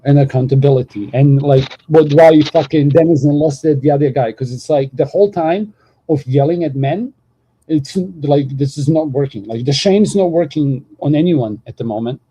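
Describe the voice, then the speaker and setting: A man's voice: a little high, normal speed, dark tone, husky. A man host rambling in profane casual talk, full of fillers. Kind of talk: casual group chat.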